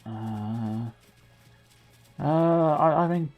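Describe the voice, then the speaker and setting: A man's voice: on the high side, drawn-out words, darkish tone, faint music behind. A man streaming a game, rambling through self-mocking, sweary commentary at his desk mic. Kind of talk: casual gameplay commentary.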